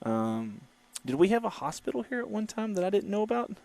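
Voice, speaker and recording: A man's voice: high voice, big pitch swings, a little fast, creaky, darkish tone, no echo. A man hosting a casual livestream from a moving car, chatting and reading viewer comments aloud. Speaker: livestream host. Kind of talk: casual driving livestream chat.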